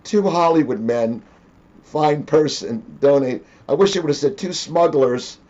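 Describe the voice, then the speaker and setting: A man's voice: a little high, a little slow, lo-fi sound. A man hosting an interview, telling stories casually and acting out the dialogue of the people in them. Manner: animated, acts out quoted dialogue. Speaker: interview host.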